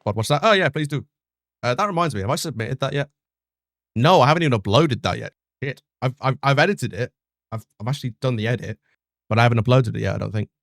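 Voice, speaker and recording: A man's voice: medium pitch, quick pace, vocal fry, a bit bright, no room sound, clean studio sound. A young man streaming a video game, chatting casually, self-mocking and full of fillers. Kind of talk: casual chat over gameplay.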